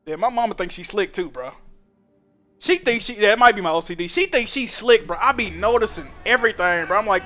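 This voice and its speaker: A young man streaming a game, telling stories in animated, profane slang. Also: sits high, a little fast. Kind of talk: casual chat while gaming.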